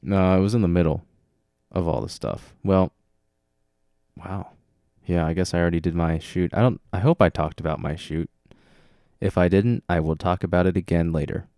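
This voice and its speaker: Low-voiced rambling podcast guy. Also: steady tone, normal speed, pauses often, mellow, no echo, clean studio sound. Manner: rambling and self-mocking. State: tired. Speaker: podcast host. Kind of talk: casual solo monologue.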